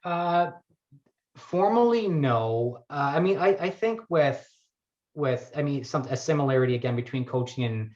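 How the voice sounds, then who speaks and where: A man's voice: medium pitch, expressive, moderate pace, a little mellow. A man working as a wellness coach, talking thoughtfully in an interview and searching for his words as he goes. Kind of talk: conversational interview. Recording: muffled lo-fi audio.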